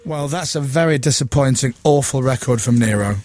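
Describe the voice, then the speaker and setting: A middle-aged man hosting a radio show, teasing his guest in a quick-witted way and acting out the voices in his anecdotes. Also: medium pitch, loud music behind the voice. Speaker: radio host. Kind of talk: casual breakfast radio chat.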